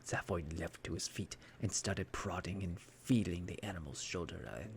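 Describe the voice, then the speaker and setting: Low, gravelly man whispering an ASMR story. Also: normal speed, a little hiss or hum. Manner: soft, whispered bedtime narration.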